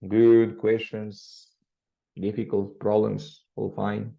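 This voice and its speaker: A man teaching English in an online class, speaking. His voice sits low with a gravelly edge. He moves between English and as he walks through examples, and the sound is dull and lo-fi. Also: completely flat delivery, takes it slowly. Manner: switches between English and Spanish, explaining with examples.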